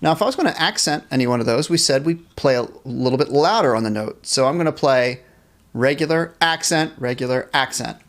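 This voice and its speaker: A man's voice: medium pitch, expressive, quick pace, hardly any pauses. A man teaching a live online band class, cheerfully reading chat questions aloud and encouraging students. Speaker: music teacher.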